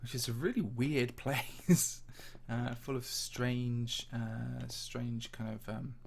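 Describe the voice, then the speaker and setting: A man's voice: medium pitch, steady tone, takes it slowly, gravelly, slight background noise. Chatty man with a slightly posh English accent. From English Midlands. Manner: chatty and rambling, answers viewer questions. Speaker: Minecraft channel host. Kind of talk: casual livestream chat while touring a game map.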